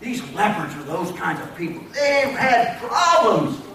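A man preaching a sermon as a pastor, dramatic, rising to shouted pleas and dropping to hushed tones, recorded from a distance in an echoey church. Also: high voice, big pitch swings, measured pace. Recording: echoey hall heard from a distance.

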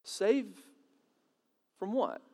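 A man's voice: high voice, very animated, very slow, a little mellow, long reverb tail. A man preaching a sermon in a conversational way, asking the congregation questions and building to dramatic swells. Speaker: pastor.

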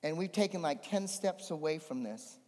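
A man preaching a sermon as a pastor, swinging between animated emphasis and hushed storytelling. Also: a little high, normal speed. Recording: long hall reverb.

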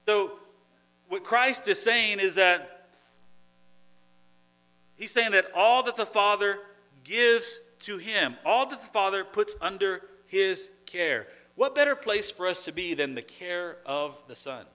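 Man preaching, bright ringing voice, kinda high, earnest, restarts a lot. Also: animated, slow. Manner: earnest, repeats and restarts phrases, rising to emphatic points. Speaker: pastor. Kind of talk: sermon.

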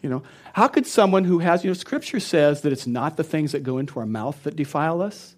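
A man's voice: on the high side, expressive, brisk. A middle-aged man, a pastor, preaching a sermon in an earnest and personal storytelling way, often laughing.

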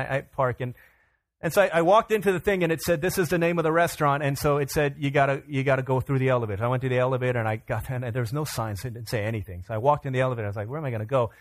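A male pastor tells a personal story from the pulpit in a voice of ordinary pitch. He slips into the other people's lines with lively, animated delivery. The sound is close and dry, with little room echo. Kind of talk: sermon illustration storytelling. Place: church sanctuary.

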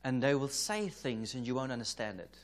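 Animated and fairly quick, a South African man preaches at a church conference, his voice at an ordinary male pitch. He shares an anecdote conversationally, playing out the dialogue line by line and chuckling now and then.

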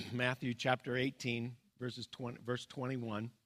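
Man, pastor, sermon, earnest, middle pitch, pauses and restarts, drops low and soft. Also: flat delivery.

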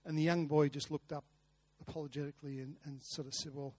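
A man's voice: fairly high pitch, flat delivery, fast talker, a little mellow, no echo. A man preaching a sermon, earnest, with rhetorical questions and repeated words. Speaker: pastor. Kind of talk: sermon with a told story.

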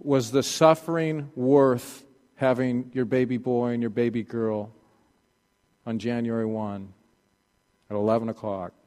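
A man preaching a sermon, swinging from loud pleading passages to hushed, quiet ones. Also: medium pitch, steady tone, a little slow, long pauses, long reverb tail. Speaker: pastor.

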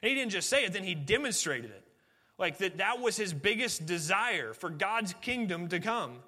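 Bright-voiced earnest man preaching. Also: high voice, big pitch swings, normal speed, big-room sound. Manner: earnest preaching, rising emphasis then dropping to quiet. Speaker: pastor. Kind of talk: sermon.

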